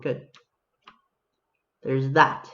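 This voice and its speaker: A man's voice: drawn-out words, fairly bright tone, highs cut off. Self-mocking man narrating his gameplay. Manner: self-mocking, talks to himself and viewers. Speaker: gaming video host. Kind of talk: casual gameplay commentary.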